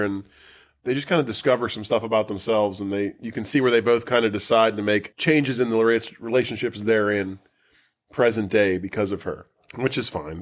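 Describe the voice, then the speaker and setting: Male podcast co-host, mid pitch; chatty, animated film recap with plenty of swearing. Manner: animated, profane, laughs a lot, acts out characters. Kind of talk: casual movie-review chat.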